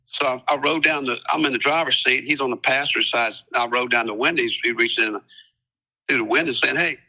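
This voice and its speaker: An older man, a retired police captain, calmly recounting a past event as an interview guest, with many fillers and repetitions. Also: mid-range voice, fairly quick, rough recording. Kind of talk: storytelling interview.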